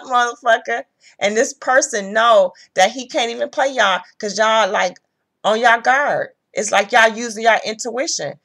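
A woman's voice: mid-range voice, gravelly, a bit bright. Blunt, profane woman tarot reader. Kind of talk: casual tarot reading.

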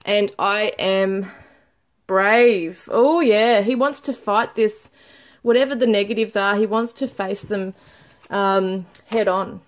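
A woman giving a casual tarot reading to viewers, chatty and laughing often, reading card messages aloud slowly. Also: mid-range voice, fairly even intonation. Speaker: tarot reader.

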